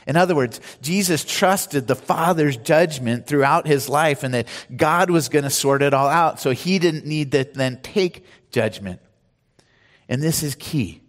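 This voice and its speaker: A man's voice: fairly high pitch, unhurried. A man preaching a sermon, explaining scripture in a conversational way and mixing in personal stories. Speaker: pastor. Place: church. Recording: reverberant church hall.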